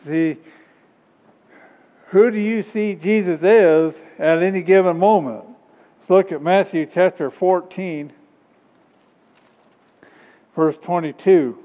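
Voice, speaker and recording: A man preaching a sermon and reading scripture, emphatic and rising in pitch on key points. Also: takes it slowly, long pauses. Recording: dull sound with long hall reverb.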